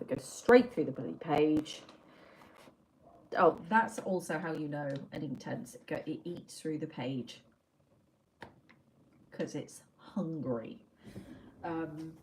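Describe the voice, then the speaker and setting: Chatty woman, low voice. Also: darkish tone, slight background noise. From Wiltshire, England. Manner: chatty, rambling, self-mocking, reads chat aloud. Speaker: art livestream host. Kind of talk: casual livestream chat while swatching pencils.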